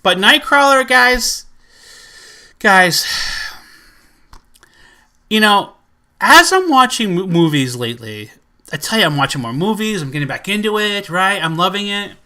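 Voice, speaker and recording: A man chatting casually in a collection vlog, rambling and excitable, full of fillers. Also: high-pitched, measured pace, pauses often. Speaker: movie collector vlogger.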